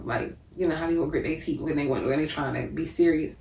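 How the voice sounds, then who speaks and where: A woman's voice: deep voice, normal speed, gravelly, few pauses. A woman vlogger telling a personal story in a vivid, repetitive way, with many fillers. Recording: echoey room, distant mic.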